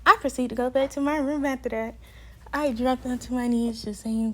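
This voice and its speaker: A young woman tells her own story to the camera in a fired-up, cursing style. Her voice sits a little high for a woman. She has the loose pacing of casual storytime talk. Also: steady tone, moderate pace, sharp tone, a little hiss or hum. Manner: heated, profane storytelling. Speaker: vlogger. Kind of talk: storytime vlog.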